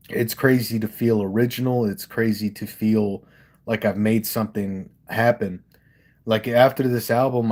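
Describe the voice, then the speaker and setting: A man from Delaware, a rapper hosting a casual livestream, talks about his music into a studio microphone. His voice is lowish with a darkish tone, and he comes across as candid and emphatic, swearing a lot.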